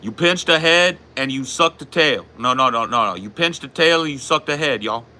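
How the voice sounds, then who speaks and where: A man putting on a Cajun accent to play a loud, folksy cook who hollers cooking steps. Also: medium pitch, pitched above the performer's own voice. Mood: hyped. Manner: hollering cooking instructions, drawn-out y'all.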